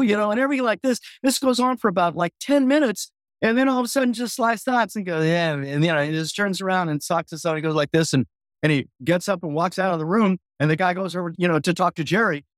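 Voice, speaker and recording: Lively storytelling man, dry close sound. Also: no echo. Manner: lively storyteller, acts out voices and hums bass lines. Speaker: podcast guest musician. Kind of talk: animated storytelling.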